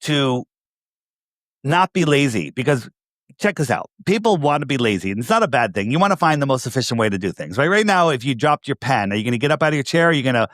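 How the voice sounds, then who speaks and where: A man's voice: mid-range voice, big pitch swings, quick pace, fairly bright tone, no echo, clean studio sound. Emphatic man with New York accent. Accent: New York area. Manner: emphatic, fires rhetorical questions. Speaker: podcast guest. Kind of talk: casual conversation.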